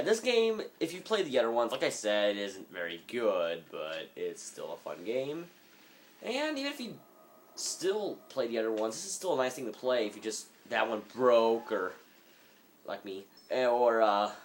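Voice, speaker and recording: A man giving rambling, jokey commentary over a video game, sometimes in a mock-businesslike tone, recorded on a phone microphone. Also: fairly low pitch. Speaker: let's play gamer. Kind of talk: casual gameplay commentary.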